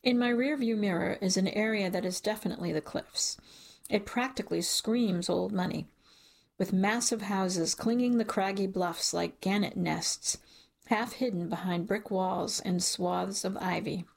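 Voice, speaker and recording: A woman reading a first-person novel aloud in a measured, wry storytelling manner. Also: medium pitch, vocal fry. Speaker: audiobook narrator. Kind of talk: first-person audiobook narration.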